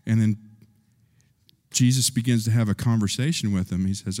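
A man preaching a sermon, telling a story and acting out voices, rising in pitch and force when stirred. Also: fairly even intonation, normal speed, long pauses, a little mellow. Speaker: pastor. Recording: long reverb of a large hall.

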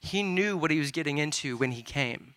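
A man's voice: a little high, expressive, fairly quick, fairly bright tone, clean tone. A man preaching a sermon, retelling scripture in a loose, conversational way with casual asides.

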